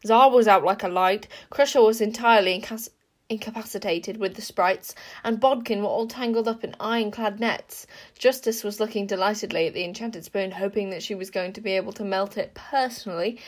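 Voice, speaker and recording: A woman narrating a children's fantasy book aloud, lively and expressive, with chatty asides to the listener. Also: mid-range voice, fairly quick. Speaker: audiobook reader. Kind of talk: storybook narration.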